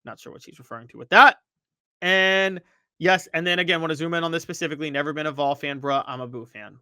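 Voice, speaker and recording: A man hosting a sports talk show, giving animated, opinionated commentary and reading social media posts aloud. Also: on the high side, fast, clear, resonant tone, no room sound. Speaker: sports podcast host.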